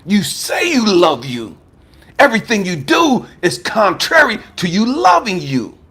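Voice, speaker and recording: A man voicing God as a stern but patient divine presence, speaking slowly in a hushed, partly whispered way. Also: sits high, wildly swooping pitch, husky, heavily acted.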